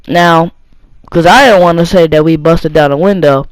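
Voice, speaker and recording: A man's voice: a little high, moderate pace, no echo, low-quality recording. A young teenage boy telling a rambling personal story, with lots of fillers and restarts. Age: young teen. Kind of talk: casual storytime monologue.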